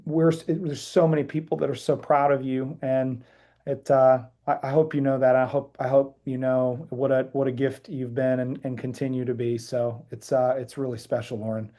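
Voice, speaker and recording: A middle-aged man, a band director, giving earnest, halting interview answers with many restarts. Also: mid-range voice, level tone, warm tone. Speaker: high school band director, guest.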